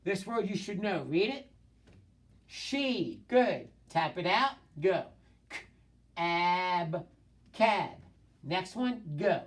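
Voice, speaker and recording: Over video, a male teacher runs a phonics lesson, urging students to tap out sounds and read words quickly. His high-pitched voice swings widely in pitch as encouraging, repetitive prompts travel across the room to a camera mic some distance away, so he sounds distant.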